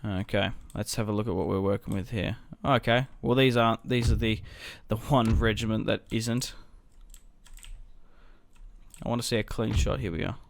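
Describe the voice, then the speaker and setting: A man's voice: on the low side, fairly even intonation, gravelly, no echo. A young man giving casual commentary over a strategy game, thinking aloud as he plans his moves. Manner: thinking aloud, musing and unhurried. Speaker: gaming video host.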